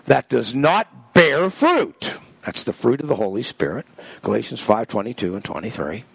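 A man's voice: medium pitch, sing-song, normal speed, gravelly, fairly bright tone, breathy edge, dry recording. An older man teaching a Bible study, reading verses aloud and explaining Greek words with emphatic swings of voice.

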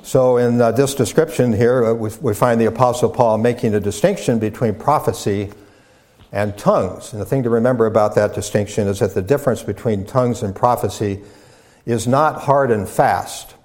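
A man preaching a sermon, teaching from scripture in a measured way with frequent pauses, fillers and restarts. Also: mid-range voice, a little mellow. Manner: halting restarts.

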